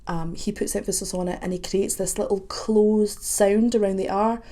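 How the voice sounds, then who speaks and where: A woman's voice: medium pitch, steady tone, mellow. Chatty woman vocal coach reacting. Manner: analytical, breaks off to sing snippets; chatty, quick asides. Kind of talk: reaction video commentary.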